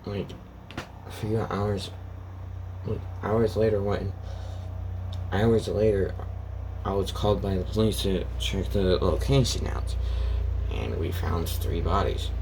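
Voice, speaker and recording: A man with a low voice tells an improvised fan story at a slow, halting pace, often stopping and restarting. He slips into the characters' lines without changing much. A faint hiss of background noise sits under the recording.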